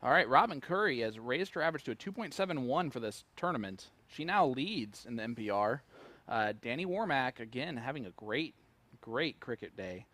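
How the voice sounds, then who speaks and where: A man's voice: mid-range voice, animated, normal speed, bright, forceful tone. A man commentating live darts, chatty and joking as he reads out player stats.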